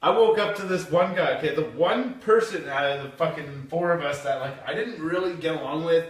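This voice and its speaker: Brief: young male host, slightly high voice, swears a lot, animated storyteller, echoey room, mic far off. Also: a little fast. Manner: profane, animated, laughing storyteller. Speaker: podcast host. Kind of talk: casual storytelling.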